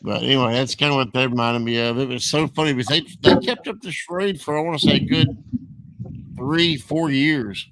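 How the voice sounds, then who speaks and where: A man's voice: mid-range voice, fairly quick, no room sound, low-quality recording. A man, an angler telling a story in casual chat and acting out what others said. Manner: animated, acts out quotes of others.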